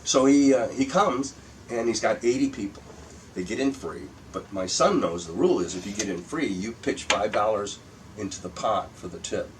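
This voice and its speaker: An older comedian from Michigan, telling profane anecdotes in a casual interview and acting out quotes. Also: male voice, fairly low pitch, lively intonation, normal speed, distant mic, background noise. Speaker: guest comedian. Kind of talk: casual storytelling chat.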